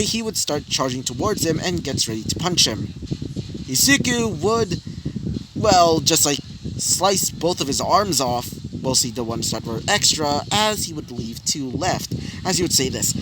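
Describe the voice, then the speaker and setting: A young man improvising a fan-fiction story aloud, rambling with lots of fillers and repeated phrasing. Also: a little high. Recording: noisy home recording.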